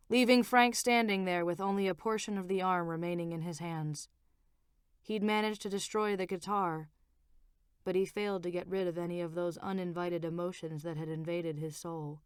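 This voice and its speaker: Woman author narrating her own novel, smooth clear voice, dry close recording. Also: fairly low pitch, no echo. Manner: measured, expressive reading. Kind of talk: audiobook narration.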